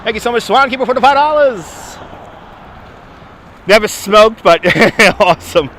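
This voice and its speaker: A man's voice: high voice, lively intonation, measured pace, a bit bright, slight background noise. A man with a Brooklyn accent hosting a casual live stream on a city waterfront, chatting, laughing often and thanking donors, recorded on a phone on a gimbal. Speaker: livestream host.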